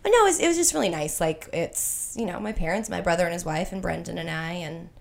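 A woman's voice: fairly low pitch, animated, quick pace, vocal fry. Young woman, casual chat, laughing storyteller, voice swooping up and down.

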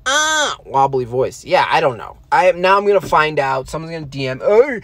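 High-voiced man rambling while drawing. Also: moderate pace, dry recording. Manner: rambling, deadpan jokes, trailing fillers. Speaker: artist streaming while drawing. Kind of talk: casual rambling stream chat.

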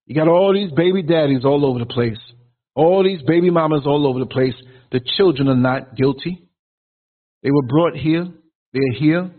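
A man on a call-in show giving an earnest, preachy, musing monologue. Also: medium pitch. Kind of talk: philosophical monologue. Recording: tinny phone line.

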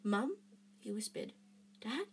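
A woman voicing a young boy wizard, earnest and longing, speaking in an urgent, hushed way. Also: on the high side, very animated, takes it slowly, noisy background, heavily acted.

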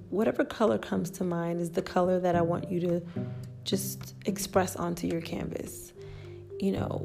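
A woman vlogger casually telling a travel story, chatty and lively, acting out the people she quotes. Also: lowish voice, creaky.

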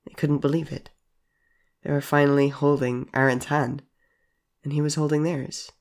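A man narrating a storybook audio drama in a measured, deadpan way. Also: on the high side, creaky. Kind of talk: scripted narration. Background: soft music.

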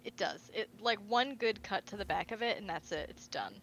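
A woman co-hosting a casual fan podcast, retelling game scenes in an animated way and quoting the characters. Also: mid-range voice, moderate pace, slight background noise, rough recording. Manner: animated storytelling, quotes characters in asides. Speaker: podcast co-host.

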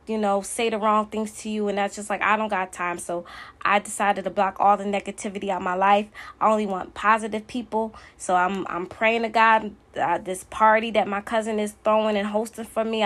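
A woman hosting her own podcast, giving a blunt, emphatic motivational monologue that keeps repeating its key points. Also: mid-range voice. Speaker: podcast host.

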